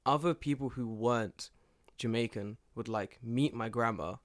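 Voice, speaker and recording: A man chatting casually as a podcast co-host, animated and swearing, with many restarts. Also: mid-range voice, normal speed, no echo, clean studio sound. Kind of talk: casual chat.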